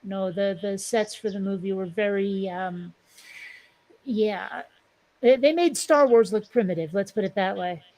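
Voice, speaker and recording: A woman's voice: medium pitch, a little slow, darkish tone, poor audio. A woman in casual podcast chat, blunt and opinionated, swearing for emphasis. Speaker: podcast panelist.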